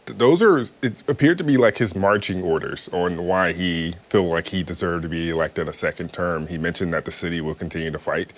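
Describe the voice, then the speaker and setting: A man's voice: deep voice, a little fast, few pauses. A man reporting for a local TV news show, talking conversationally with frequent ums. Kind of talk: live news debrief.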